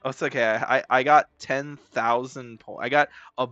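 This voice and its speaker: A man chats through a live game in a bright, tense voice, joking, rambling, swearing and breaking into loud excited yelling. The sound is dry, close and somewhat dull, with faint music underneath. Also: medium pitch, moderate pace, no echo. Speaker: gaming streamer. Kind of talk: casual live gameplay commentary.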